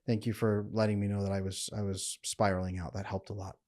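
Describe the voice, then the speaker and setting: A man voicing a calmed-down adult partner who speaks quietly and a little haltingly. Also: on the low side, pitched below the performer's own voice, natural voice. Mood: grateful.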